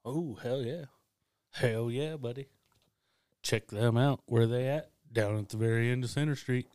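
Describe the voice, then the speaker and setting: A man's voice: mid-range voice, a little slow, a little mellow, no room sound, studio quality. A man co-hosting a casual podcast, blunt and enthusiastic, swearing often. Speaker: podcast co-host. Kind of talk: casual chat.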